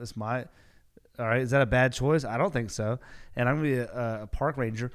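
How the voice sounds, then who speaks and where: A man's voice: medium pitch, a little fast. A young man hosting his podcast, chatting casually and rambling with lots of filler words and self-corrections. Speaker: podcast host. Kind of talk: casual solo podcast chat.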